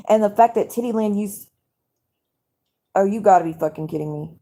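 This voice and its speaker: A woman's voice: medium pitch, normal speed, long pauses, dark tone. A woman, hosting a casual live stream at home at night. She vents in an angry, profane, rambling way to her viewers.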